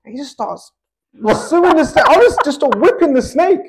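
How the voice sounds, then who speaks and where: A man's voice: extremely high pitch, big pitch swings, normal speed. A young Australian man telling a rambling story in casual chat, dotting his talk with "like" and "bro".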